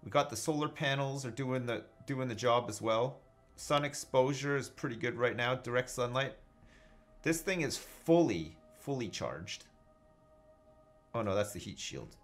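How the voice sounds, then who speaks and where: A man's voice: mid-range voice, expressive, a little slow, faint music behind. A man casually commenting on his own space game live, joking, swearing and thinking aloud as he reads chat. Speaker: gaming livestreamer.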